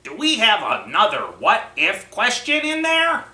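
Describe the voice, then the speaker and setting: A man voicing an excitable young male puppet co-host on a children's show. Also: sits high, unhurried, roomy sound, exaggerated voice. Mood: curious.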